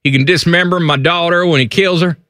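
A man's voice: fairly high pitch, fairly even intonation, fairly quick, sharp tone, no echo, studio quality. A man hosting a talk show, joking sarcastically and acting out mock quotes in casual banter. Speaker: radio show host.

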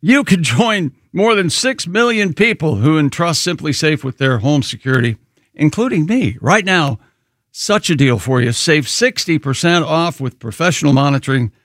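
A man's voice: on the high side, lively intonation, moderate pace, fairly bright tone, no room sound. Man reading a live radio ad, dry studio. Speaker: radio show co-host. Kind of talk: radio banter and live-read ad.

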